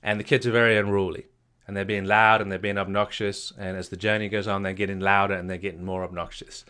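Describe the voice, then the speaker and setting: A man's voice: low-pitched, flat delivery, quick pace, sharp tone, smooth. A man giving a motivational talk as a marriage coach, emphatic and repetitive, firing questions at the listener.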